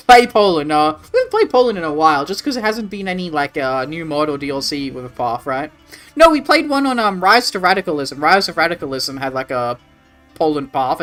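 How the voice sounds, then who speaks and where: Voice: medium pitch, a bit bright. Aussie streamer rambling over a game, swears a lot, faint music behind. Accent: Australian. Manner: rambling, casual swearing, answers chat. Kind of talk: casual live-stream chat.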